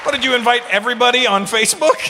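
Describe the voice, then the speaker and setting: Brash stand-up comic teasing a crowd. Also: male voice, very high voice, racing, long reverb tail. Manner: brash, teasing, swears freely. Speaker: stand-up comedian. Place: live comedy venue with audience. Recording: live show with loud crowd and room noise.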